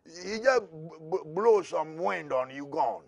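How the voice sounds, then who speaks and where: A man preaching a prophetic sermon as pastor, dropping to a murmur and then rising to loud shouts, with laughs between lines. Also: on the high side, lively intonation, a little slow, gravelly, no room sound.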